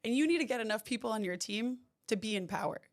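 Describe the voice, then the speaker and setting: Fast-talking chatty American woman. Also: fairly high pitch, expressive. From United States. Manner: fast, chatty, laughs often. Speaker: guest, independent journalist and commentator. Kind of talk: casual podcast chat.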